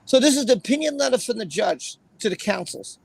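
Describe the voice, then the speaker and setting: Raspy high-voiced man hosting a livestream. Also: expressive, brisk, dry recording. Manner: rambling, chatty, with fillers and repeated phrases. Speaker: livestream host. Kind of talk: casual livestream commentary, reading a court opinion aloud.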